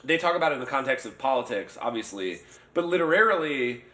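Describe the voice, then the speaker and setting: A man discussing a novel casually, halting and restarting his sentences often. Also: mid-range voice, expressive, sharp tone. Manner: hesitant, stammering restarts. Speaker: podcast host. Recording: roomy echo.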